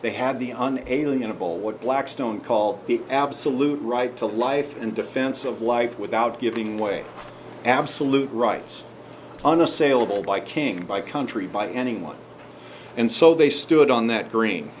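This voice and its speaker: A man's voice: mid-range voice, a little slow, slight background noise. A man addressing an audience in a conversational history talk, telling the story and asking emphatic rhetorical questions. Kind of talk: history talk and advocacy speech.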